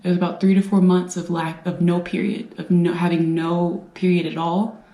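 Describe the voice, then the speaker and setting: Woman telling her story, low mellow voice, stops n repeats herself, echoey room. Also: level tone. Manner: earnest, halting, repeats phrases for emphasis. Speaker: brain injury survivor and veteran speaker. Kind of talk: personal storytelling talk. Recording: roomy echo.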